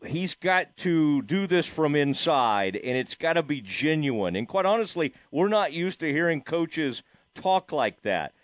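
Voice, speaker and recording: A man's voice: fairly high pitch, big pitch swings, measured pace, dry recording, studio quality. A man hosting a sports radio show, chatting loosely with many fillers and restarts. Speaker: radio sports talk host. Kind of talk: casual sports radio interview.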